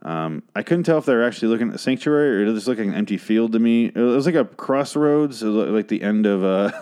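A man's voice: fairly low pitch, expressive, fast, a little mellow, clear, resonant tone. A man losing his voice, rambling through a casual, profane and sarcastic recap of a TV episode as a podcast host.

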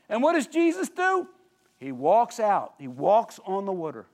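A man preaching a sermon, telling the story vividly, swinging between lively emphasis and hushed, intense moments and asking the listeners questions. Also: high-pitched, unhurried. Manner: animated storytelling with sudden drops to quiet intensity. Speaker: pastor.

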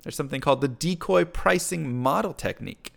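A man's voice: a little high, brisk, gravelly, a bit bright. A man giving an explanatory talk on pricing psychology, acting out shoppers' thoughts in quoted asides. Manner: mentions his own book.

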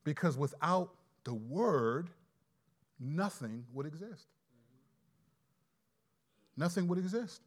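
High-voiced emphatic preacher man. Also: lively intonation. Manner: emphatic, with sudden loud stresses and slowed key phrases. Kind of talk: sermon.

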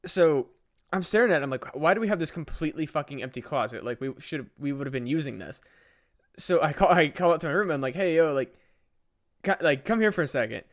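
A man's voice: a little high, animated, fast talker. A young man, a podcast co-host, telling a casual story with lots of fillers and swearing. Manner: rambling, profane, many fillers.

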